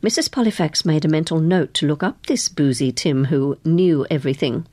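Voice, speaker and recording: A woman narrating an audiobook with an expressive storytelling manner. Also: sits low, normal speed, no echo.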